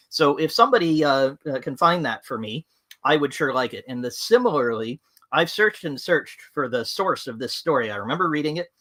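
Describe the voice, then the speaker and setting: A man's voice: mid-range voice, pushed and bright. A man hosting a livestream, talking in a chatty, rambling way with lots of fillers. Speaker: livestream host. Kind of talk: opinionated livestream talk.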